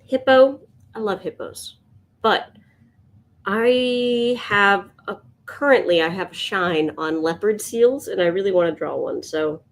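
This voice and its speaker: A woman streaming live as she sketches, chatting to viewers and thinking out loud, yawning now and then. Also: medium pitch, a little slow. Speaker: livestream sketch artist. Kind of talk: casual livestream chat.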